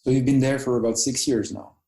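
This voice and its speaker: A man's voice: medium pitch, fairly even intonation, a little fast, creaky, dark tone, reverberant. A man hosting an interview, asking questions and often restarting them mid-sentence. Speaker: interview host.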